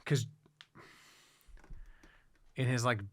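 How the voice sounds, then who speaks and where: A man's voice: medium pitch, little pitch movement, extremely slow, a bit bright. A man co-hosting a podcast in casual chat, loose and swearing often. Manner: loose, swears a lot, many fillers. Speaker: podcast co-host.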